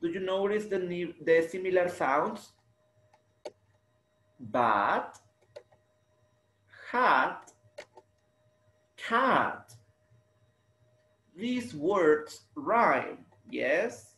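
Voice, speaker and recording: A man leads an English lesson for children, drawing each word out so students can repeat after him. His voice sits a little high and moves at an unhurried pace. The recording sounds roomy, with a clear echo. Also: a little hiss or hum. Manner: slow, drawn-out, repeats words for students. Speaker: English teacher. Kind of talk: slow bilingual classroom lesson. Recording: echoey room.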